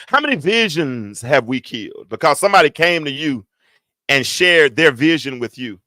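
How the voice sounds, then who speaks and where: Forceful, emphatic preaching man. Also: a little high, animated, dry recording. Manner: emphatic preacher cadence, repeats phrases, slows down to read scripture. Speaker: podcast host. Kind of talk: preaching-style Bible teaching.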